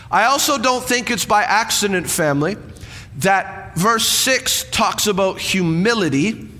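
High bright-voiced preaching man. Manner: energetic preaching with a live stage demonstration. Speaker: pastor. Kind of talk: sermon. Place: church stage with long reverb. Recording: reverberant church hall.

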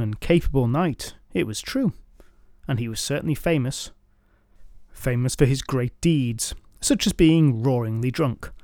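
A man's voice: mid-range voice, a little mellow, clear, resonant tone, no echo, clean studio sound. A man narrating a folk tale in a wry, dryly humorous scripted style. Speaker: storyteller.

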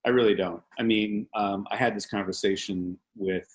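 Rambling earnest low-voiced man. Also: steady tone, moderate pace, rough recording. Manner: rambling, many restarts, earnest. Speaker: interviewee, league CEO. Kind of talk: casual reflective interview talk.

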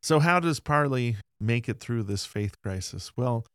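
A man's voice: mid-range voice, animated, measured pace, a bit bright, smooth, no echo, clean studio sound. A man co-hosting a conversational podcast, earnestly retelling history and reading old quotes in his plain voice. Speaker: podcast co-host. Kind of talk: casual conversational history discussion.

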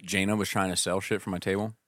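A man telling stories in casual chat, animated and profane, acting out what others said. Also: low-pitched, fast talker, no room sound, studio quality. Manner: animated, profane, acts out quotes in raised voices.

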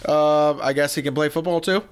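A man co-hosting a casual movie review podcast, throwing in dry wisecracks and quick corrections. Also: a little high, clean tone. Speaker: podcast co-host.

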